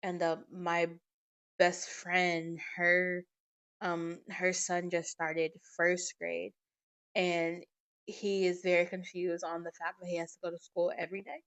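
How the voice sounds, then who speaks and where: A woman hosting a podcast, telling family stories in a casual, animated way and swearing freely. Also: on the low side, slow pace, dull audio. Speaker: podcast host. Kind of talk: casual storytelling monologue. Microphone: podcast microphone.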